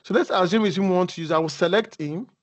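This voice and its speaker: A man's voice: sits high, fast talker. A man giving a casual tutorial over a video call, talking conversationally and often restarting his sentences. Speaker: instructor. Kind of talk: casual screen-share tutorial. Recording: muffled video call audio.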